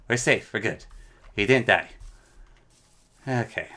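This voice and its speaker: A man's voice: on the low side, animated, slow, long pauses, pushed and bright. A man from the Yukon chatting casually while streaming a game, reading chat aloud and making playful asides. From Yukon, Canada. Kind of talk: casual gameplay commentary.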